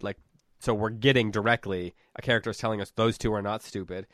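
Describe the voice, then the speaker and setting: A low-voiced man talking through a book with co-hosts, relaxed and loose, pausing to think aloud. The sound is dry and close. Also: no room sound. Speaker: podcast co-host. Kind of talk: casual book discussion.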